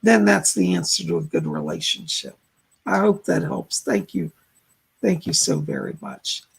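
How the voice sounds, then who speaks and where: Gravelly, husky-voiced man giving readings. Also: a little high, wildly swooping pitch, normal speed. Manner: gentle, reassuring, chatty advice-giving. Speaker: psychic medium, live-stream host. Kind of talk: casual live-stream readings.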